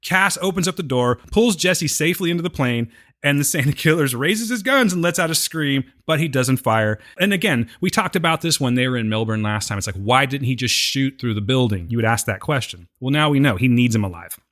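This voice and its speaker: A male podcast co-host recaps a TV episode in a casual, joking style. His voice is mid-pitched and conversational. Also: lively intonation, fairly quick, fairly bright tone. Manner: chatty, joking, retells scenes.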